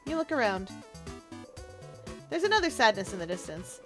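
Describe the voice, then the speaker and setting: A woman streamer reading game narration aloud in a calm, quiet manner. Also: medium pitch, moderate pace. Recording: faint game music underneath.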